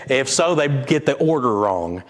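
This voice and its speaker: Halting, conversational preacher man. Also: medium pitch, animated. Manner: conversational, halting with many fillers and restarts; reads scripture aloud in King James wording. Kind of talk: casual Bible-study sermon.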